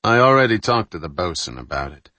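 A man's voice: low voice, very animated, a little fast, pushed and bright, no room sound, full character voice. A man voicing an easygoing American first officer on a cargo ship who talks casually.

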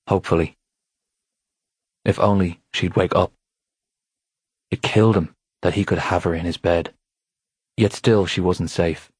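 A male audiobook narrator reads a novel in scripted narration, measured and steady, his voice very low with a husky grain. The recording is dry and close, like a studio booth, with no room sound or echo.

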